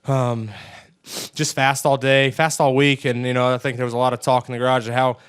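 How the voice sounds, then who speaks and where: A man's voice: medium pitch, little pitch movement, clean tone. Emotional young man sighing through answers. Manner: emotional, halting, with frequent sighs. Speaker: race car driver. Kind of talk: press conference answers. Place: post-race press room.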